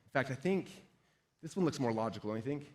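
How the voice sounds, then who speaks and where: A middle-aged man giving a lively live sales seminar, quizzing the audience and acting out inner voices. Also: mid-range voice, quick pace. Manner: energetic, asks the audience questions, acts out inner voices. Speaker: sales trainer.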